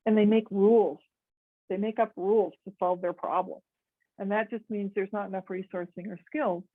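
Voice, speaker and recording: An American woman giving a gentle, thoughtful talk on conflict resolution to a meditation group, with many pauses and ums. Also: mid-range voice, no echo, phone-quality sound. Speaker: guest speaker on conflict resolution.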